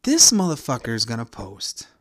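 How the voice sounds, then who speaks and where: Profane, animated ranting man. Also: mid-range voice, normal speed, no echo, clean studio sound. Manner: angry, crude, heckling rant.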